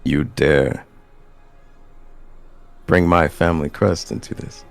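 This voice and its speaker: Man as a proud young noble, defiant, cutting retorts, very low voice, gravelly fry. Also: fairly even intonation, takes it slowly, faint music behind, heavily acted. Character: proud young male noble, defensive of his family.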